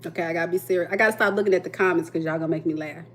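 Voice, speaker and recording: A woman's voice: lowish voice, fairly even intonation, very fast, slight background noise. A woman giving a live tarot reading, talking playfully to her viewers and often breaking into laughter. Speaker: tarot reader.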